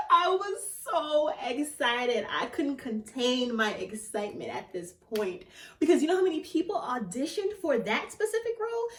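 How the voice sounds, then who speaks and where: Animated, laughing young woman telling a story. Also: high-pitched, a little slow, noisy background. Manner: animated, laughing, squealing when excited. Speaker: theatre actor. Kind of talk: casual storytelling vlog. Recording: echoey room, voice a bit far from the mic.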